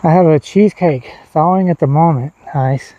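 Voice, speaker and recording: A man's voice: a little high, normal speed, highs cut off. A man chatting casually to his viewers while walking outdoors on a livestream. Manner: relaxed, rambling, talks to chat. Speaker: streamer. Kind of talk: casual livestream walk chat. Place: outdoors on a walk, rural.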